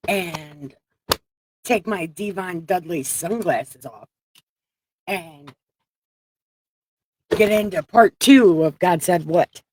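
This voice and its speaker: A woman hosting a casual Bible reading livestream, candid and profane, getting emotional and close to tears as her voice swings between loud outbursts and quiet moments. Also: on the low side, takes it slowly, long pauses, slightly rough.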